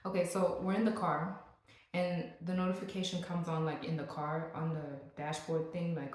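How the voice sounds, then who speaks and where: A woman's voice: lowish voice, a little slow. A young woman vlogging in a casual, joking rant, full of playful asides. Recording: very echoey room.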